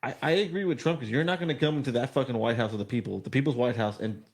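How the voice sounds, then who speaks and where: A man's voice: mid-range voice, rapid-fire. A man co-hosting a podcast, chatting bluntly and profanely about politics and laughing often. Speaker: podcast co-host. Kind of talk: casual political chat.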